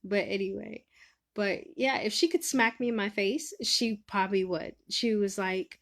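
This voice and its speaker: Her pitch is medium and her speed normal as this woman hosts a laid-back live stream. She gives advice, teases chat viewers, laughs often, and shifts between loud and quiet.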